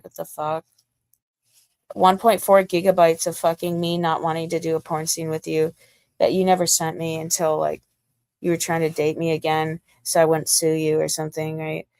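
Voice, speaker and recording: Young American woman, gravelly edge, dry close room; rambling, cussing livestream host. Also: fairly low pitch, darkish tone, no echo. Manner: profane, heated, rambling. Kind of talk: casual livestream rant.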